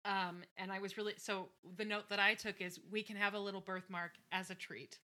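A woman's voice: mid-range voice, a little fast, heavy background noise. A woman co-hosting a podcast, recapping a TV episode in casual, enthusiastic chat with plenty of swearing. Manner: enthusiastic, profane, animated.

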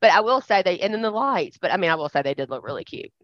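A woman's voice: on the low side, sing-song, quick pace, dry recording. Chatty woman, rambling podcast co-host. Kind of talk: casual chat. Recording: dull, dry lo-fi sound.

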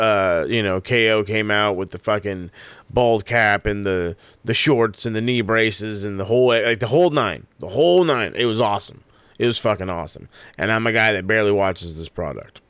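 A man's voice: lowish voice, clear, resonant tone, no room sound. A man giving casual solo wrestling commentary into a close mic, swearing often and rambling through his ideas. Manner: profane, rambling, animated.

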